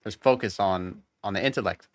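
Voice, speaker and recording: A man hosting a reaction video, chatting casually and pausing to hunt for the right words. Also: low-pitched, no room sound. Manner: hesitant, searching for words. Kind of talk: casual chat.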